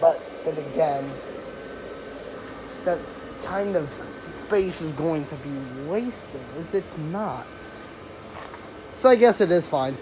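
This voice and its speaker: Rambling, self-deprecating hobby reviewer, casual and offhand; recorded beside a car with a loud background hum. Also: medium pitch, lively intonation, slow pace, long pauses. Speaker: inflatable decoration reviewer. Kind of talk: casual spoken product review.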